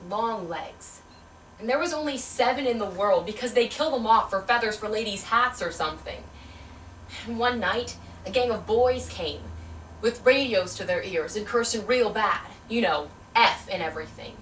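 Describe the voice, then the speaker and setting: A woman's voice: mid-range voice, lively intonation, slight background noise, natural voice. A young woman in an audition, playing a shaken young woman who tells a painful memory in plain, colloquial, earnest speech. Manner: plain, colloquial storytelling with earnest halting phrasing. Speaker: auditioning actor. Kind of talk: audition monologue, dramatic. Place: audition room. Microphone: far camera. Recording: echoey room from a distance.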